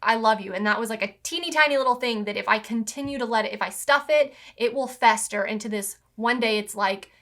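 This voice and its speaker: A woman's voice: on the high side, a little fast, hardly any pauses, a bit bright. A woman co-hosting a podcast, chatting casually with her husband and leaning on "like" fillers. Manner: chatty, heavy use of "like" fillers. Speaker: podcast co-host.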